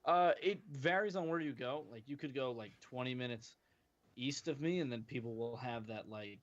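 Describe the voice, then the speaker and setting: A man's voice: medium pitch, moderate pace, dull audio. A man from New Jersey, a podcast guest, chatting casually and telling stories, often repeating words. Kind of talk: casual chat.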